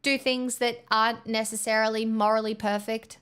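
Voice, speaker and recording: A woman's voice: fairly high pitch, little pitch movement, moderate pace, a bit bright, clean tone. An Australian woman streaming, chatting casually with viewers in a blunt, rambling way and swearing often. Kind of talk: casual chat reading viewer messages.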